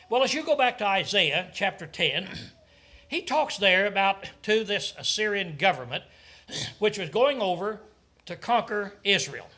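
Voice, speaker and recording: A man preaching a sermon, often clearing his throat and asking his listeners rhetorical questions. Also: high voice, sharp tone.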